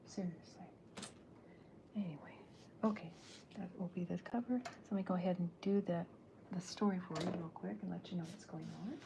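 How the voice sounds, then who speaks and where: A middle-aged woman artist talking softly during an ASMR livestream while she draws, chatty and rambling, often slipping into whispers. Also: fairly low pitch, brisk, vocal fry, long pauses, noisy background. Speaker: artist streaming while drawing comics. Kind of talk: soft-spoken ASMR livestream.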